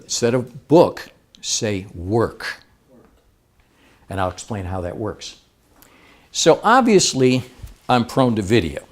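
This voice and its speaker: A man's voice: lowish voice, very animated, takes it slowly, pauses often. A man speaking to a live seminar audience, playful and engaging, asking the crowd questions as he goes.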